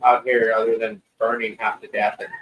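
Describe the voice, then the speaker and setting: A man hosting a podcast in casual chat, relaxed and quick to agree. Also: lowish voice, far from the mic, lo-fi sound. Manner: laid-back, chimes in with short agreements.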